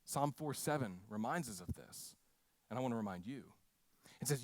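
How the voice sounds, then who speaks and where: A man's voice: mid-range voice, normal speed, long pauses, no echo. Storytelling man preaching, dry sound. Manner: storytelling with frequent restarts and animated quoted voices. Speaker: pastor. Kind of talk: sermon.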